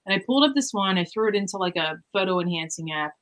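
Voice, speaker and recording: A woman, a paranormal investigator, explaining in a relaxed, filler-heavy casual chat. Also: medium pitch, fast.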